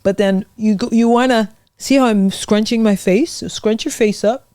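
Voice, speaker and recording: A middle-aged woman, a vocal coach, leading warm-up exercises in a lively, encouraging, demonstrative way on a podcast. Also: fairly high pitch, moderate pace, clear, resonant tone, dry recording, clean studio sound. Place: podcast studio.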